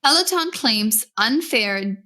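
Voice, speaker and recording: An American woman hosting a trade news podcast with a bright, fairly high voice. She chats casually, laughs easily and wanders off mid-story before pulling herself back. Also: expressive, slow. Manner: chatty, laughs often, loses her thread. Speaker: podcast host.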